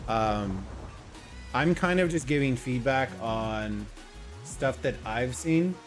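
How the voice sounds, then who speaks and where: A man's voice: mid-range voice, expressive, slow pace. A man hosting a casual gaming livestream, talking loosely, rambling and greeting viewers from chat, with faint music behind him. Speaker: livestream host. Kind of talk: casual gaming stream commentary.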